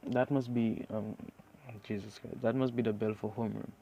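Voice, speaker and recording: A man's voice: on the low side, steady tone, moderate pace, mellow, muffled recording, slight background noise, natural voice. A man voicing a laid-back, slangy male teacher in an amateur spoken story. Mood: casual. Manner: casual, slangy.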